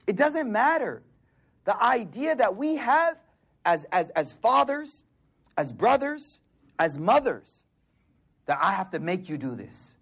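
High husky-voiced man preaching. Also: big pitch swings, unhurried. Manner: casual street slang, storytelling with quoted voices. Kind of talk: sermon.

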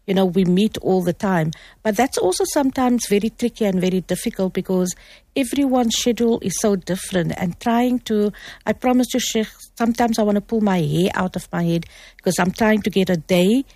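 A woman's voice: medium pitch, fairly quick, mellow, no room sound. A woman hosting a conversation, chatty and personal, often murmuring agreement. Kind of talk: casual conversational talk.

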